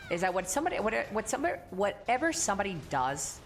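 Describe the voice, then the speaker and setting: A woman's voice: medium pitch, big pitch swings, fast talker, soft background music. A young adult woman streaming live, chatting casually and answering chat bluntly, with frequent swearing. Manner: blunt and profane, reading chat aloud and answering.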